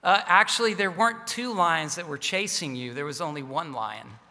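A man voicing a vast unseen lion, speaking slowly and gently in a hushed, lowered tone. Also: big-room sound. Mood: gentle, solemn.

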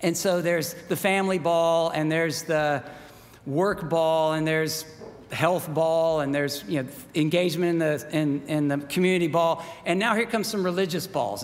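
Male pastor, sermon, chatty storyteller, slightly high voice, long room echo. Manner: conversational, acts out quoted voices in the story.

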